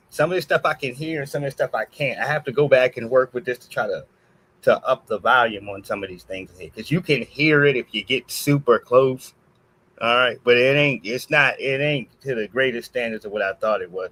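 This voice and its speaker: Guy on his stream telling a story, keeps saying all right, low mutters then jumps up high. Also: brisk, a bit bright, rough recording. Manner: peppers every sentence with "all right". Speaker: live streamer. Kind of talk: casual storytelling rant.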